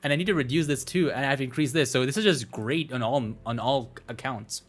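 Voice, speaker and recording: A man doing let's-play commentary on a strategy game, excitable and swinging into shouting and giddy whoops. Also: mid-range voice, a little fast, few pauses. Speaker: gaming streamer.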